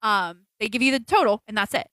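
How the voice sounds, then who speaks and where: A woman co-hosting a casual podcast stream. She talks in an animated, storytelling way and slips into other people's voices when she quotes them. Her voice sits fairly high and sounds dry and close to the mic. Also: brisk, no echo. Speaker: podcast co-host. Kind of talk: casual chat on a livestreamed podcast.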